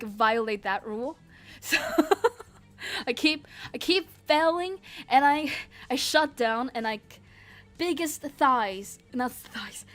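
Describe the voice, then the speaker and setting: A woman's voice: sits high, a bit bright. A woman streamer chatting casually with her audience, giggly and rambling, speaking English as a second language. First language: not English. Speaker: vtuber streamer. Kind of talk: casual livestream chat.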